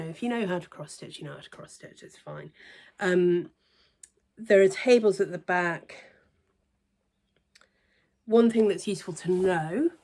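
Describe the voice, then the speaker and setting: A woman reviewing cross stitch books in a casual, hesitant way, trailing into quiet near-whispered asides. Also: lowish voice. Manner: chatty, hesitant with many ums, softens to near-whisper asides. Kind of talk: casual show-and-tell review.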